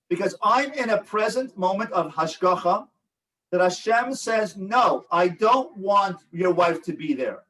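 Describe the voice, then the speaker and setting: A high-voiced older man teaches a support group over a video call, animated and storytelling. He acts out the voices of the people in his anecdotes. The mic sits a little away from him. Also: distant mic, poor audio. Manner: animated storytelling with acted-out quotes. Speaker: rabbi and relationship coach. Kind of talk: online support group talk.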